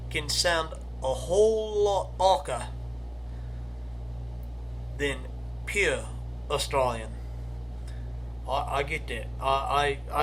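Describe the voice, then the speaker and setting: A man's voice: a little high, pushed and bright, slight background noise. A young man hosting his own show, talking in a rambling, self-correcting way and reading verse aloud. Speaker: show host. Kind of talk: casual monologue with poetry recitation.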